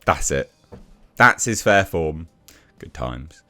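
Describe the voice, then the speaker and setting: A man's voice: a bass voice, sing-song, takes it slowly, bright, forceful tone, soft background music. A man giving a blunt, exasperated casual review rant, with frequent restarts and swearing.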